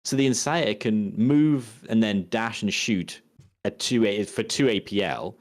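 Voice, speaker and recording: A man co-hosting a casual podcast chat speaks in a lowish voice at a measured pace. He works through game tactics aloud, restarting his sentences as he goes.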